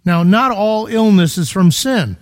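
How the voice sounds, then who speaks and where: A man's voice: high-pitched, expressive, unhurried. A man preaching a sermon in a conversational, emphatic way, full of rhetorical questions, in a church.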